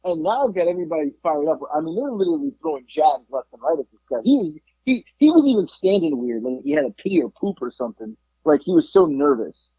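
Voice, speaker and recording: A man's voice: on the high side, sing-song, fast talker, hardly any pauses, husky, no echo, muffled recording. A man from South Florida co-hosting a podcast, telling a story in casual chat, acting out quotes and swearing freely. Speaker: podcast co-host.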